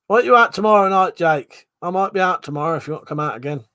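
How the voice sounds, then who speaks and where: A man's voice: high-pitched, animated, fast talker, sharp tone, clear, resonant tone, no room sound, clean studio sound. A man from Buckinghamshire, hosting a livestream in casual chat, reading out viewer comments, laughing often and swearing freely. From Buckinghamshire, England. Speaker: livestream host.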